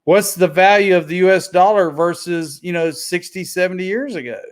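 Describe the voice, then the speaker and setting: Easygoing Texan man, smooth voice. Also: sits high, fairly quick. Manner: easygoing, repeats words as he starts sentences. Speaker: guest. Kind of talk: casual chat.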